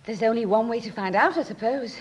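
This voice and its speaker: An actress playing a blunt, determined young war widow from Liverpool, in a radio drama. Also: female voice, a little high, a little fast, slightly rough, low-quality recording. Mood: earnest. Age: young adult. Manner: plain, blunt, quietly determined.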